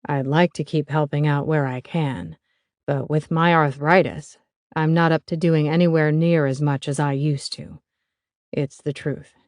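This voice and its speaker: A woman voicing a gruff older father and builder handing over his business, speaking in a halting, hesitant way. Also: sits low, steady tone, a little mellow, no room sound, studio quality.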